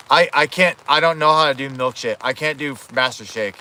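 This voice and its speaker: Bright-voiced rambling male streamer. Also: mid-range voice, fairly quick, hardly any pauses, a little hiss or hum. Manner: rambling, self-correcting, swears. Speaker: livestreamer. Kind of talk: casual livestream chat. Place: outdoors at home.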